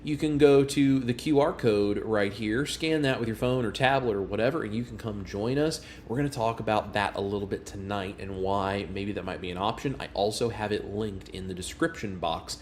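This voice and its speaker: A man's voice: on the low side, normal speed, few pauses, darkish tone, a little hiss or hum. A man hosting a casual livestream, greeting viewers by name in a friendly way. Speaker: livestream host.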